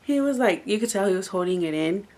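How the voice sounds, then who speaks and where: A woman's voice: mid-range voice, expressive, fast, a little mellow. A woman reviewing books in a casual vlog, chatty and rambling, with lots of "like" fillers. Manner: chatty, rambling, heavy use of "like". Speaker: book reviewer.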